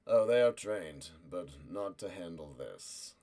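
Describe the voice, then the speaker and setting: A man's voice: deep voice, expressive, measured pace, a little mellow, voice pushed down. A man playing a stern, formal noble lord. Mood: calm. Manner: formal, commanding.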